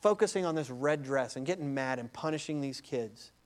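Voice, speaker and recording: Man playing a calm, coaxing older brother, quiet and persuasive. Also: mid-range voice, fairly quick, voice pushed down, close to an everyday voice.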